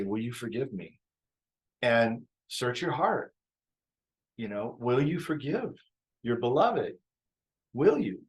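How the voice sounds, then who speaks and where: A man teaching couples about forgiveness in a relaxed live-stream talk, reflective, often repeating his phrases and laughing easily. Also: medium pitch, poor audio. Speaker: relationship coach.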